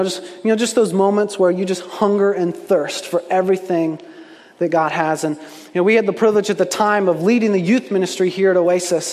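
A man's voice: sits high, darkish tone. A young adult man preaching a sermon, telling a story and acting out the quoted voices with animation. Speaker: pastor. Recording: long hall reverb.

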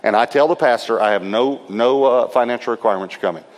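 Speaking fast in a mid-range voice, a preacher tells a story during a church service. He laughs and acts out each quote with lively energy, and the big hall gives his sermon a long reverb.

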